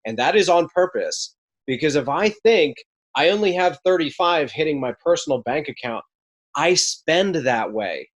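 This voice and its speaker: A man's voice: on the high side, expressive, moderate pace. A young man as a podcast guest, chatting casually and candidly, often restarting his sentences as he tells stories. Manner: candid, storytelling, frequent restarts. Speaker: podcast guest, mobile home park investor. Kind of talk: casual interview chat.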